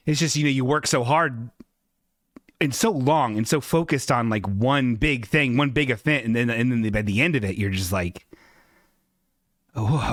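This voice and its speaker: A man's voice: medium pitch, a bit bright, no echo, studio quality. A man hosting a casual solo podcast, rambling and self-deprecating and swearing freely. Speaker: podcast host. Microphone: desk microphone.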